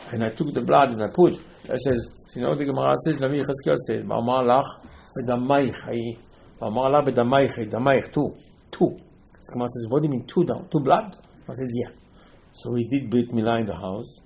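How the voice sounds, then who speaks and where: A man's voice: mid-range voice, darkish tone, poor audio. A man giving an informal Torah lesson as a rabbi, speaking non-standard English, repeating himself and firing rhetorical questions.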